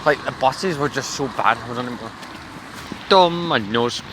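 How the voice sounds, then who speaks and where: A man's voice: mid-range voice, animated, unhurried. Young man, casual walking vlog, rambling, swears a lot, handheld mic, traffic noise all around. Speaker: vlogger. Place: outdoors on city streets. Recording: noisy street recording.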